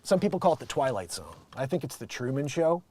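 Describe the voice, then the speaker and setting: A man's voice: medium pitch, very animated, fast talker, dark tone, a little hiss or hum. A middle-aged man from Connecticut hosting a show, delivering a sarcastic, swearing comic rant. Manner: sarcastic, swearing, drifting into bits. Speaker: show host. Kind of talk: ranting comic monologue.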